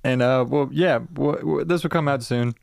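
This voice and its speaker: A man's voice: medium pitch, normal speed, vocal fry, darkish tone, no echo, clean studio sound. A man hosting a podcast, chatting loosely and playfully with a friend. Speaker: podcast host. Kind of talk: casual chat.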